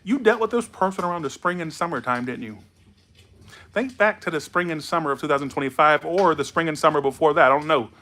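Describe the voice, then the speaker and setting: A man's voice: fairly high pitch, fast talker, bright, forceful tone. A tipsy man doing a loose, rambling, playful tarot reading. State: tipsy from alcohol. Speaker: tarot reader.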